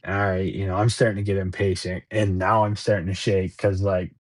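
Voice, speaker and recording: A man's voice: sits low, level tone, fairly quick, dry recording. A man, a podcast guest, telling a long hunting story casually, rambling and repeating words as he acts out what others said.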